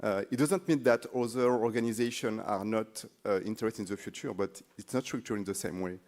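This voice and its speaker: A man with a French accent, speaking English as a second language, moderating a conference panel in a halting way, often repeating words as he searches for phrasing. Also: fairly low pitch, fairly even intonation, a little mellow. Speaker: panel moderator, corporate foresight lead. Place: conference stage.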